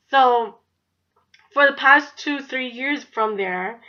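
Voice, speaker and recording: Bright-voiced New young woman. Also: sits high, takes it slowly, dull audio. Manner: chatty, profane, heavy use of "like". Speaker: vlogger. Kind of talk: casual storytime.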